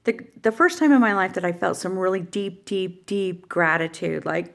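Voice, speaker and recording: Middle-aged woman vlogger, mid pitch with vocal fry, emotional, rambling delivery. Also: moderate pace, hardly any pauses. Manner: emotional, rambling, with many fillers and restarts. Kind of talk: personal story vlog.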